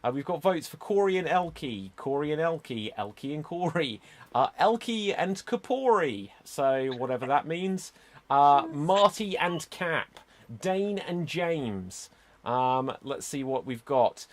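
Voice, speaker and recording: A man hosting an online improv show, announcing rounds and votes in a brisk, upbeat way over a video call. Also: a little high, expressive.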